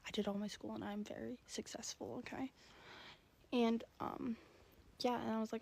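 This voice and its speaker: A woman's voice: fairly high pitch, flat delivery, normal speed, gravelly, a little mellow. A woman of about twenty, a stay-at-home mom, telling a casual storytime in a giggly, chatty way full of fillers.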